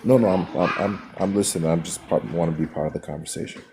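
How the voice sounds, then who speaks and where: A man speaking as a guest on a panel in a measured, slightly hesitant way. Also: deep voice, fairly even intonation, creaky. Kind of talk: casual panel discussion. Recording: crowd noise behind the voice.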